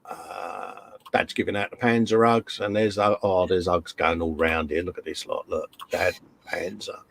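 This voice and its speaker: A man's voice: sits low, fairly even intonation, moderate pace, gravelly. A man hosting a casual live stream, chatting and reading out viewer comments in a jokey way.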